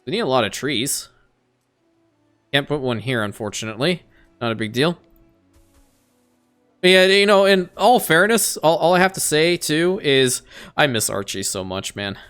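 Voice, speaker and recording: A man giving casual let's-play commentary on a strategy game, excitable, talking to the game characters and laughing often. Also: on the high side, normal speed, pauses often, smooth, soft background music. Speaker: gaming YouTuber.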